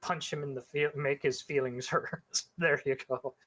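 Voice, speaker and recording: Dry-joking game master, mid-pitched. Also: fairly even intonation, moderate pace, a bit bright. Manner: dry, wry jokes. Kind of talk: casual chat between game players.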